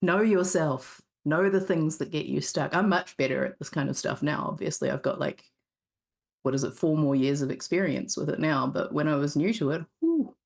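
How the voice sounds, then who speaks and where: A woman with a low, gravelly voice tells her stories candidly as a guest on a live stream. She rambles a little, restarting sentences as she goes, in relaxed conversational chat. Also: normal speed. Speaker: board game designer, guest. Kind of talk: casual interview chat.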